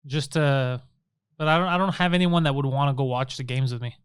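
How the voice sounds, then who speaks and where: A man's voice: mid-range voice, fairly even intonation, a little fast, clear, resonant tone, dry recording, clean studio sound. Profane man riffing on a podcast. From Canada. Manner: profane, mocking, acts out quotes. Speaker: podcast co-host. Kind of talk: casual comedy podcast chat.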